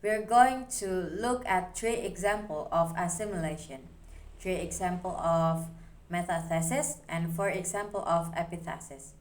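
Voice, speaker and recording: A woman's voice: on the low side, unhurried. A young woman student giving a recorded class presentation, explaining steadily as she reads through her slides.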